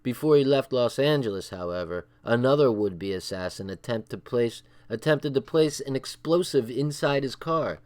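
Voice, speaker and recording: Male streamer, mid-pitched, reads a crime book aloud in a casual way, with asides to his chat. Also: expressive, normal speed, hardly any pauses, darkish tone. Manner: reads with asides, swearing and chuckles; breaks off to check the chat. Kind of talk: casual livestream book reading.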